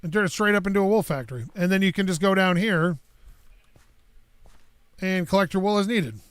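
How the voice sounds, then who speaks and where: A high-pitched man chats his way through a building game, rambling loosely to himself and to viewers. His voice sits close and dry on the mic, with no room sound around it. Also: fairly quick, clean tone, no echo. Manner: rambling, chatty, talks to himself and chat. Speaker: gaming streamer. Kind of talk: casual gameplay commentary.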